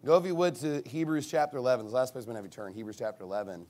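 A pastor delivers a sermon, reading scripture slowly with mounting emphasis. He breaks into animated, mocking asides punctuated by sudden shouts. His voice is medium in pitch.

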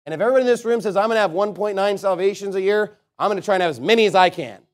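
A man preaching a sermon as a pastor, emphatic, swinging between loud declarations and quiet asides. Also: high-pitched, rapid-fire.

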